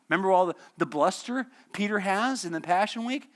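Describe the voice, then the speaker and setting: A man's voice: sits high, expressive, normal speed, fairly bright tone. A man teaching a midweek church lesson in a conversational, storytelling way, asking the class questions and chuckling often. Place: church hall.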